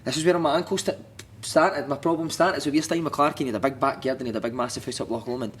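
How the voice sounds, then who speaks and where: Fast-talking Scottish man telling stories. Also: medium pitch, steady tone. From Scotland. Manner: rambling, sweary, says "mate" constantly. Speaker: podcast guest, former footballer. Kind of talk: casual storytelling.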